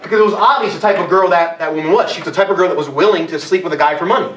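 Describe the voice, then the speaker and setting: A man's voice: high voice, racing, fairly bright tone, a little hiss or hum. A young adult man preaching a sermon as a youth pastor, telling stories in a loose, conversational way with many fillers. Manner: conversational storytelling with frequent fillers. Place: church hall. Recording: echoey hall from far off.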